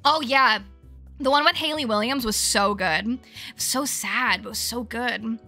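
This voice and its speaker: A woman's voice: fairly high pitch, unhurried, bright, forceful tone, faint music behind. A young woman streaming a cozy game, chatting nonstop and giggling. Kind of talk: casual live-stream chat.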